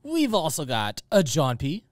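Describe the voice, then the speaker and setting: Upbeat high-voiced male podcast host. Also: huge pitch swings, a little slow, no echo, studio quality. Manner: upbeat, hype-style introductions with teasing banter. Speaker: show host. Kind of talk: casual podcast chat.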